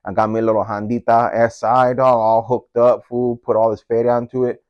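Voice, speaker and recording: A man's voice: medium pitch, level tone, normal speed, dull audio. A man, casually telling a personal story in street slang, tagging his phrases with homie, dog and fool.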